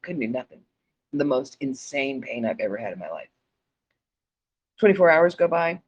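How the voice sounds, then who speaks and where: A woman's voice: very deep voice, big pitch swings, normal speed. A woman telling a personal story in a casual, profane and blunt way, often laughing. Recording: dull lo-fi recording.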